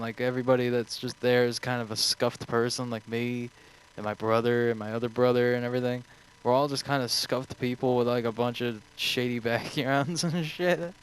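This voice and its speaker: A young American man streams and answers viewer questions in a rambling, offhand manner, swearing constantly. His voice is medium-pitched and smooth, though the recording quality is low.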